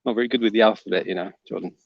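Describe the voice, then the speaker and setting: A man's voice: lowish voice, very fast, creaky, no echo, highs cut off. A man hosting a livestream, reading viewer comments aloud and teasing the chatters. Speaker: livestream host reading chat. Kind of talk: casual livestream chat.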